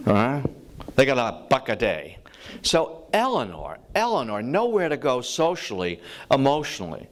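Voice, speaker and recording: A man's voice: mid-range voice, sing-song, moderate pace. A man teaching as a lecturer, telling a life story conversationally, with restarts and many "you know" asides, acting out quoted voices.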